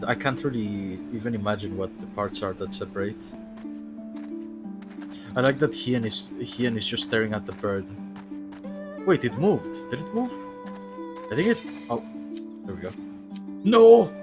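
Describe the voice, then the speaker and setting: A man casually commenting on a video game as he streams it, thinking aloud and sometimes yelping with excitement. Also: on the low side, moderate pace, pauses often. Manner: chatty, thinks aloud, bursts into excited yelps. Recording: game music playing behind.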